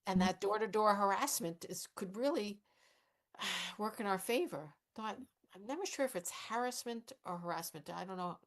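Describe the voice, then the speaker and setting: A woman's voice: mid-range voice, expressive, moderate pace, natural voice. A woman performing live improv, playing a cautious older activist who muses hesitantly and pokes wry holes in the plans. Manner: dry, hesitant, mildly skeptical.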